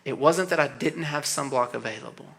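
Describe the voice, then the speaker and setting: A man in his thirties preaching a youth sermon, telling a story with animated energy and then dropping into soft, earnest appeals. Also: mid-range voice, fairly quick, gravelly. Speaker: youth pastor.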